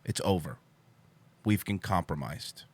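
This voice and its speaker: A man hosting a livestream, giving a deadpan, mock-solemn monologue from a home setup in front of a green screen. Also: sits low, measured pace, slightly rough. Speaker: livestream host.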